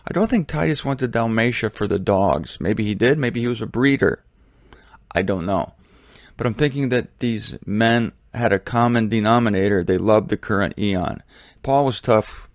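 A man teaching the Bible in a casual sermon, telling a story with animated, mocking asides. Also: lowish voice, moderate pace, dry recording, studio quality.

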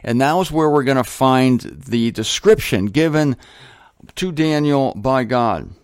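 A man's voice: medium pitch, animated, unhurried, clean tone, no echo. Male show host, casual and joking monologue, dry close sound. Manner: chatty, joking asides.

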